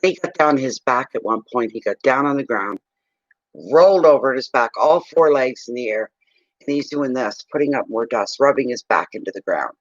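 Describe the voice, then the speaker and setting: A man from eastern Canada who reads for clients, telling a rambling, animated story in a casual livestream chat. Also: medium pitch, normal speed, no echo, muffled recording. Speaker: psychic reader telling a story.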